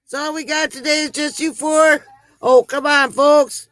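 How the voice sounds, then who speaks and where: A woman's voice: high voice, steady tone, unhurried, no echo, rough recording. A woman hosting a casual livestream, chatting with viewers, greeting them by name and telling corny jokes. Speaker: livestream host.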